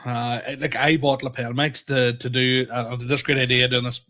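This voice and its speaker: A man co-hosting a casual podcast, with a voice of ordinary middle pitch. He chips in with brief laughs and dry one-liners. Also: little pitch movement, normal speed, sharp tone. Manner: short laughing reactions, dry quips. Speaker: podcast co-host.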